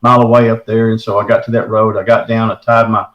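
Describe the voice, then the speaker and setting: Here a middle-aged man on the low side tells his own encounter story quickly, in a casual, folksy way, frequently saying "man" as he animatedly relives it. The audio is dull and the sound roomy.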